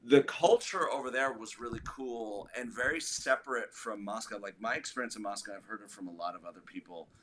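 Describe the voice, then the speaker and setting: Brief: man with a lowish voice, guest musician, chatty rambling storyteller in a relaxed interview. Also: fairly quick, few pauses, a little hiss or hum. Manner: rambling, full of "like" and restarts.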